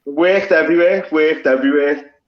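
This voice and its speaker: A man's voice: fairly high pitch, normal speed. A man with a Liverpool accent, talking bluntly and swearing a lot as a guest on a live stream panel, with rambling restarts. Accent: Liverpool Scouse. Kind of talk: casual livestream banter. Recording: slightly lo-fi audio.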